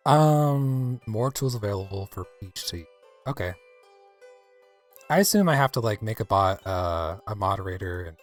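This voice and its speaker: A man from the American South, chatting casually with his chat while livestreaming a game. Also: on the low side. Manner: chatty, rambling, playful.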